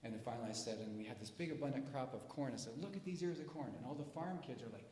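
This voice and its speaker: A man who grew up on a dairy farm, speaking to an inventors' meeting in a folksy, animated storytelling way, acting out voices. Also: mid-range voice, rapid-fire, a little hiss or hum. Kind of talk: storytelling presentation. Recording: echoey hall, live stream.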